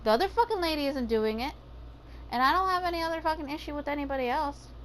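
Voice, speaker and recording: A woman's voice: sits high, lively intonation, fast, a little hiss or hum, rough recording. A woman ranting casually about her day, swearing heavily and using lots of fillers. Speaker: gaming vlogger.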